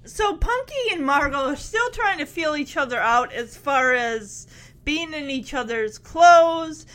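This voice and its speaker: A young woman with a high, light voice chats through an episode recap. She giggles often and strings her thoughts together with "like" and "um". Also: lively intonation, measured pace, very noisy. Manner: chatty and giggly, many fillers like "like". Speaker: show recap host.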